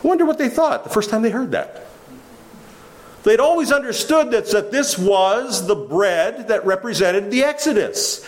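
A man's voice: high voice, animated, moderate pace. A man preaching a sermon, teaching with questions that he then answers himself. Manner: teaching, asks the listeners questions and answers them.

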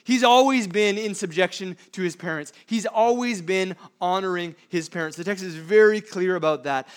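A man preaching a sermon, emphatic, with frequent rhetorical questions, swinging between loud stresses and hushed asides. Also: high voice. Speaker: pastor.

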